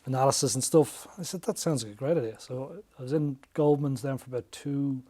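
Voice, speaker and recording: Mellow-voiced man telling stories. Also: mid-range voice, fairly quick. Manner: animated storyteller, acts out quoted dialogue. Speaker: podcast guest, business coach. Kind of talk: casual interview chat.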